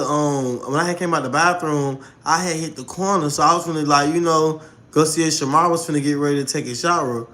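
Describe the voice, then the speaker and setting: A young man streaming live, telling a story in an animated way and calling out to his audience, with laughs and exclamations. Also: on the high side. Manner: excitable, keeps calling out to the audience.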